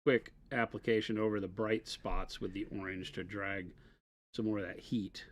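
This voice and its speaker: Wry male painter, calm commentary while working. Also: fairly low pitch, normal speed, slight background noise. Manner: dry, wry, explains painting steps. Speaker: painter on a hobby stream. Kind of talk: live painting commentary and banter.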